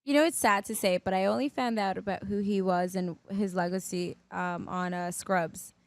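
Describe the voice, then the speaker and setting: A woman's voice: medium pitch, steady tone, moderate pace. A woman co-hosting a casual pop-culture podcast, chatty and gossipy, laughing easily. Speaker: podcast co-host. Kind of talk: casual chat.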